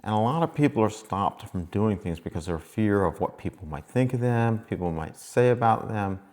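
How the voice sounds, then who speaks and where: Man vlogger, lowish pitch, casual motivational storytelling, repeats himself. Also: animated, moderate pace, darkish tone. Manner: rambling, folksy, repeats himself.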